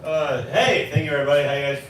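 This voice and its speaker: A man's voice: on the high side, fast talker, a little hiss or hum. A man in his twenties doing a rambling, self-deprecating stand-up set at an open mic. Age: 20s. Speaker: stand-up comic. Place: small bar with live audience. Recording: very echoey room from far off.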